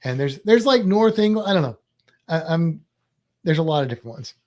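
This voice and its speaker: A man's voice: fairly high pitch, lively intonation, a little fast, a little mellow. Male podcast co-host, slight Midwest American accent, rambling casual chat. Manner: rambling, thinking aloud with many restarts.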